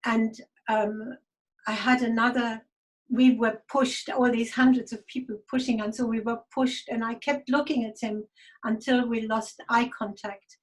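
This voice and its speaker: A woman giving a halting, reflective personal spiritual testimony, audibly emotional. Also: fairly high pitch, steady tone, low-quality recording. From Germany. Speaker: guest speaker.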